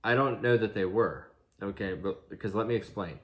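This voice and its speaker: Man, fatherly age, slightly low voice, earnest commentator who restarts phrases. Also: moderate pace. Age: adult, father of an eighteen-year-old. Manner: earnest, rhetorical questions, frequent restarts. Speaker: video commentator. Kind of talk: prophecy commentary monologue.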